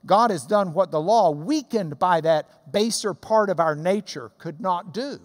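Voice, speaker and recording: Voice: medium pitch, a little slow. A Bible teacher giving an emphatic, explanatory sermon in a church hall.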